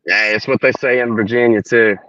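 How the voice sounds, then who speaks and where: Talk slowly and easygoing Tennessee country man, lo-fi. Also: medium pitch. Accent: Tennessee Southern country. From Tennessee, USA. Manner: relaxed drawl, laughs easily, rambling storyteller. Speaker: guest. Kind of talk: casual podcast chat. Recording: dull, lo-fi, dry sound.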